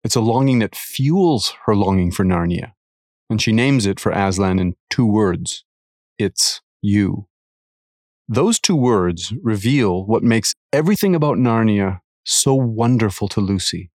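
A man reading a devotional article aloud, earnest and measured, with careful emphasis. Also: fairly low pitch, lively intonation, a little mellow, dry recording, clean studio sound.

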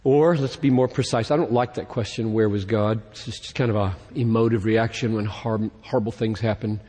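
A man preaching a sermon in an earnest tone, his voice rising and growing louder as he reads scripture. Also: fairly low pitch, fairly even intonation, moderate pace, big-room sound. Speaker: pastor.

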